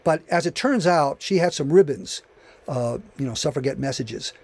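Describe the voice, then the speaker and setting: A man's voice: fairly high pitch, expressive, normal speed, darkish tone. A man giving a history lecture, reading passages aloud and breaking off for conversational asides. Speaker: channel host.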